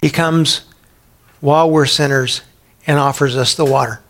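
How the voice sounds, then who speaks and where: A man preaching a sermon in an animated way, acting out the voices he quotes. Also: on the high side, moderate pace. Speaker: pastor.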